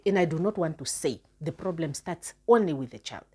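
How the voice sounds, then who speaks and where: Woman, vlogger, impassioned moral talk, emphatic repetition, lowish husky voice. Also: animated, a little fast, darkish tone. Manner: earnest, emphatic, repeats words for stress. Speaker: vlogger addressing viewers. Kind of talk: impassioned moral address to camera.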